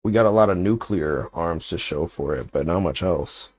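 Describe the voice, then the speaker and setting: A man's voice: low-pitched, normal speed. A young man chatting casually on a livestream, rambling and joking with lots of filler words. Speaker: streamer.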